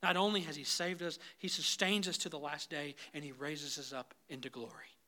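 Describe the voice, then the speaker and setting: Guy preaching a sermon, kinda high and super bright, gets loud then goes quiet and pleading. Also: fairly even intonation, fairly quick. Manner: swings from loud, rising intensity to soft, low pleading; repeatedly addresses the congregation as "guys". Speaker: pastor.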